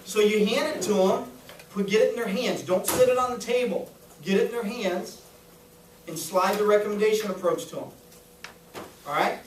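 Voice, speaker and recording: A man's voice: sits high, moderate pace, pauses often, noisy background. A man giving a live sales training talk to a small audience in a room, upbeat and coaching, often checking if the room is following. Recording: echoey room, voice a little far.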